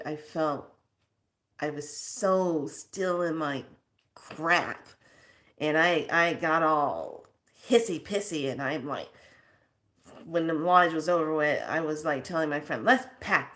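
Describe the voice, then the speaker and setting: A woman slowly telling a personal story, acting out the dialogue as she goes. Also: low-pitched, fairly bright tone. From California. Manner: slow, reflective, acts out quoted dialogue. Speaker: storyteller sharing a personal lesson.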